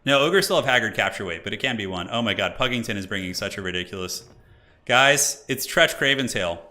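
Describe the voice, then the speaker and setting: Lively bright-voiced male streamer. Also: on the low side, fairly quick. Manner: excitable, joking, laughs often, chats to viewers. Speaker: streamer hosting multiplayer matches. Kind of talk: casual live-stream commentary.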